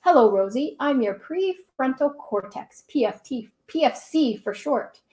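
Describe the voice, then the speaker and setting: A woman voicing a calm, kindly woman who is the wise, thinking part of a girl's brain, speaking slowly and softly. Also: high-pitched.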